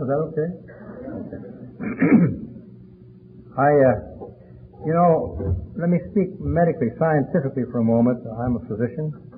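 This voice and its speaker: A man in his eighties speaking to a recovery meeting, telling a story with a chatty, deliberate manner and frequent fillers. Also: medium pitch, a little hiss or hum. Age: 80s. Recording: tinny phone-like old tape recording.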